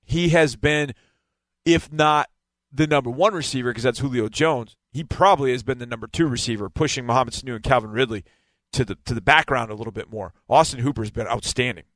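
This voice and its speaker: A man's voice: mid-range voice, fairly quick, fairly bright tone, dry recording. A man giving a casual football breakdown, explaining and stressing key words again and again. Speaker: football analyst.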